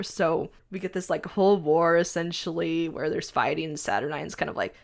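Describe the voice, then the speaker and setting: A woman's voice: deep voice, moderate pace, vocal fry, few pauses. A woman co-hosting a podcast, recapping a comic storyline in casual chat and acting out characters' lines as she goes. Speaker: podcast co-host.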